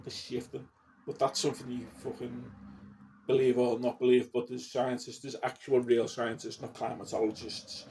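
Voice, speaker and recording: A man vlogging in a casual, blunt rant, swearing constantly and getting worked up as he talks. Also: mid-range voice. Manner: heavy swearing, blunt and heated; gets animated and worked up. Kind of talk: casual ranting monologue. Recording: distant mic with faint background noise.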